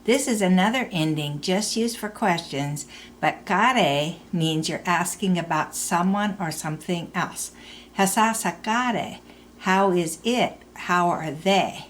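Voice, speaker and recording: A woman teaching a recorded language lesson, explaining slowly and repeating example phrases. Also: fairly low pitch, slight background noise.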